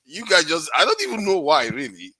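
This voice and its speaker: Male panel host, bright tense tone, stammering moderator trying to settle a heated argument. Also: on the high side, a little fast, slightly rough, no room sound, rough recording. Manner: hesitant, repeats words, pleading for calm. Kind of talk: live panel discussion, moderating.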